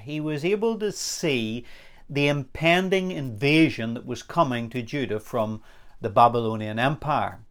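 A man teaching a recorded Bible study sermon, talking earnestly and lifting his voice on the words he stresses. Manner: earnest, emphatic, rising in pitch on key words.

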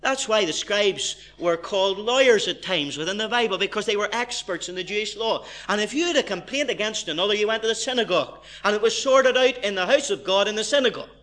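Man, preacher, high voice, very animated delivery, Bible exposition. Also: fast talker, hardly any pauses. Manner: impassioned, swinging from soft asides to fervent emphasis. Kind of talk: verse-by-verse sermon.

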